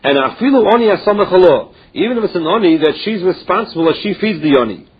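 A man's voice: high-pitched, expressive, fast, breathy edge. A man teaching a Talmud class, reading Aramaic phrases and explaining each one in plain English. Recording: dull lo-fi recording.

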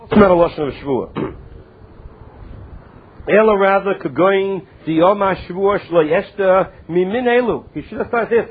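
High-voiced man teaching Talmud, tinny sound. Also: husky. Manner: reads Aramaic text slowly, then explains in English. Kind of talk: Talmud study lecture. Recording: tinny phone-like lo-fi recording.

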